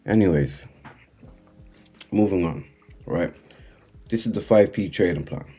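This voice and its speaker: A man giving a live-streamed trading lesson, speaking slowly and repeatedly checking in with his viewers. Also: low voice, mellow. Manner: unhurried, repeating "right?" and "guys" to the chat. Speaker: trading instructor.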